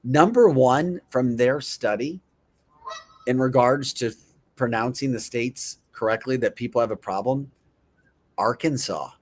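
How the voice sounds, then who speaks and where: A man's voice: mid-range voice, unhurried, a little mellow. A middle-aged man hosting a casual chat show, playful, repeating words in mock pronunciations and chuckling often. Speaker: show host.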